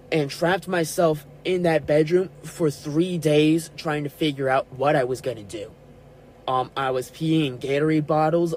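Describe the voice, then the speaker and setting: Young man telling a story, slightly high voice. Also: slight background noise, low-quality recording. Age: 20s. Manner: animated retelling with quoted dialogue. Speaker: podcast host. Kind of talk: personal storytelling monologue.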